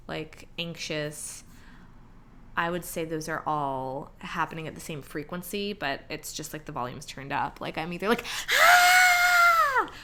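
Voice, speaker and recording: A woman's voice: low-pitched, bright, forceful tone, slight background noise. A young woman chatting casually in a pregnancy vlog, full of "like" fillers, now and then acting out her own reactions. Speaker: vlogger.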